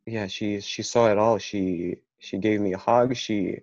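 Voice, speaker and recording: Man from Ukraine, personal storyteller, halting delivery, low and unhurried. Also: steady tone, gravelly, a little mellow, no room sound. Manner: halting, with many restarts. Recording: dull, muffled recording.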